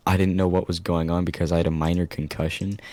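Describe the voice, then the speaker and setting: A man's voice: flat delivery, brisk, warm tone, dry recording. A young man telling a story on a casual podcast, laughing often and swearing a lot. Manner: laughs often, swears a lot, jumps into high squeaky voices when quoting himself. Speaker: podcast co-host.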